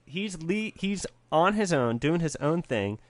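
A man co-hosting a casual podcast chat, explaining things in a rambling, animated way. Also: fairly high pitch, unhurried, no echo. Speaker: podcast co-host.

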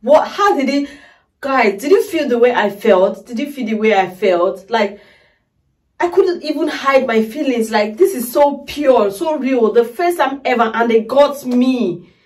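A woman hosts an emotional music reaction vlog, crying and overwhelmed, gushing to her viewers, repeating her exclamations and calling them "guys" again and again. Her voice is on the high side and a little mellow, with lively intonation and a slightly slow pace. She is recorded from a distance.

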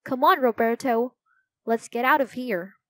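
Brief: level-headed storybook boy, read by a woman, slow, measured delivery. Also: fairly high pitch, pushed and bright, no echo, voice pushed up.

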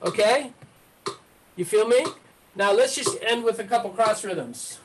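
A woman's voice: medium pitch, unhurried. A woman teaching a rhythm lesson, counting and chanting rhythm syllables in time while coaching her students. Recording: clear background noise.

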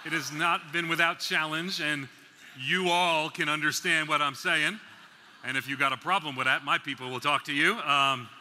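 A man from the New York City area preaching at a conference, slowing down to stress key words and dropping in playful asides. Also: high voice, pushed and bright. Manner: slow deliberate emphasis, playful asides. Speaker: conference speaker. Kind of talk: sermon. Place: large conference hall. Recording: reverberant hall.

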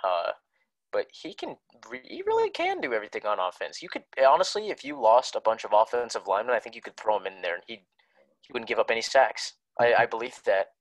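A man's voice: lowish voice, big pitch swings, quick pace, no room sound, low-quality recording. A young man co-hosting a casual sports podcast, laid-back and jokey, rambling a little. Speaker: podcast co-host.

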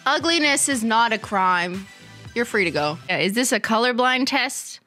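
A woman's voice: on the high side, lively intonation, moderate pace, over music. A woman in her thirties hosting a livestream, roasting viewers' work with sarcastic, teasing remarks and frequent laughter. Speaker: nail art YouTuber and livestream host.

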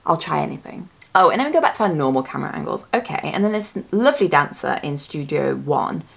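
A woman talking casually as a YouTuber reacting to a trailer, chatty and excitable, thinking aloud and correcting herself as she goes. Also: low voice, fast, vocal fry. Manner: speculative fan talk, often self-correcting.

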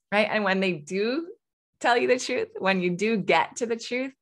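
A medium-pitched woman at a moderate pace hosts a parenting podcast alone. In her thirties, she coaches in a casual, conversational way, often adding "right?"

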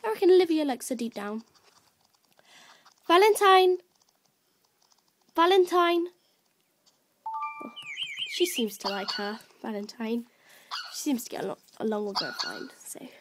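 Brief: bubbly high-pitched female vlogger, gushing, rambly, casual, faint hiss in the background. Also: expressive, brisk, a little mellow. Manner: gushing, rambling, with many fillers. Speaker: vlogger showing her virtual pets. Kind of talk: casual gameplay chat.

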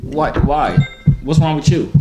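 A man, teasing strangers on a video call. His pitch jumps around a lot as he talks. The recording sounds echoey, with faint background noise. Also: animated, a little slow. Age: 30s. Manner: joking, flirty, teasing. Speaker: host. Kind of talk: casual video chat with strangers. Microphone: phone or webcam.

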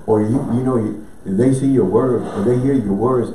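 A man's voice: medium pitch, moderate pace, dark tone. A male pastor preaching a sermon with call-and-response, emphatic, repeating phrases and breaking into laughter. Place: church sanctuary. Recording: echoey church, mic at a distance, faint noise.

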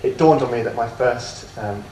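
A man giving an autobiographical lecture, hesitant and self-deprecating, filling pauses with ums and restarting his sentences. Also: mid-range voice, dark tone. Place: lecture room. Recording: echoey room from far off, faint noise.

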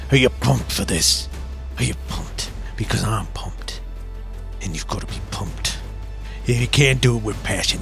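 Casting: a croaky man in a put-on Cockney accent, swaggering boxer bravado over game music. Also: lowish voice, a bit bright. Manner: swaggering, cocky boxer bravado with frequent swearing. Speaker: gaming streamer. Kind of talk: in-character gameplay commentary.

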